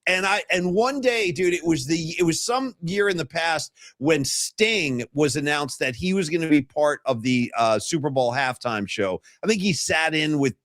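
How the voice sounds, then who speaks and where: A man in his fifties hosting a sports talk podcast, telling stories in a casual, animated way. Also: a little high, normal speed, hardly any pauses, no room sound, clean studio sound. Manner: animated storyteller, mimics guests. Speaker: podcast host.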